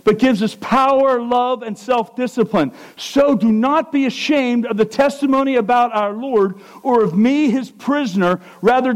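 A man's voice: high voice, poor audio. A male pastor preaching to his church, energetically questioning the congregation and pushing for answers. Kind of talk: interactive sermon.

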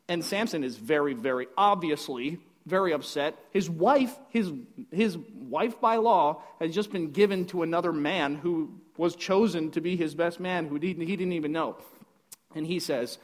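A man with a high-pitched voice tells a Bible story in a loose, conversational way. He acts out the people in the story and breaks off for jokey asides, which keeps the telling lively. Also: moderate pace. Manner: animated, acts out the characters with joking asides. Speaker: Bible teacher.

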